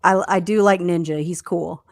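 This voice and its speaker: A woman's voice: lowish voice, moderate pace, slight background noise. A woman co-hosting a radio show, chatting loosely with lots of fillers. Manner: relaxed rambling with many fillers. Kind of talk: casual chat.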